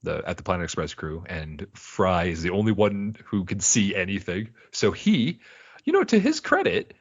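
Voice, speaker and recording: Man, very low voice, casual rambling recap, dry muffled sound. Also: moderate pace, slightly rough, no room sound. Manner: rambling, animated retelling with put-on character quotes. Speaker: podcast co-host.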